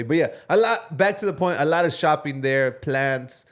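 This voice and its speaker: A man's voice: fairly high pitch, lively intonation, normal speed. A man co-hosting a podcast, telling a story in a loose, casual way with some swearing. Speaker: podcast co-host. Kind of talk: casual chat.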